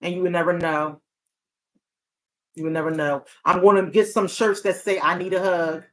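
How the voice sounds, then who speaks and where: A woman's voice: lowish voice, steady tone, moderate pace. Earnest woman therapist hosting a talk show. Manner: earnest, repetitive restarts, bursts of laughter. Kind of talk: casual heartfelt talk.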